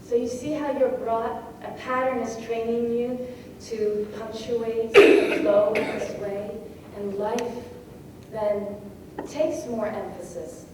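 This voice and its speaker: A woman giving a poetry craft talk to an audience, slow and deliberate, stressing words one at a time. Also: fairly high pitch, steady tone. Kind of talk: lecture to workshop audience. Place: lecture room at a poetry festival. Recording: echoey room, mic far off, faint noise.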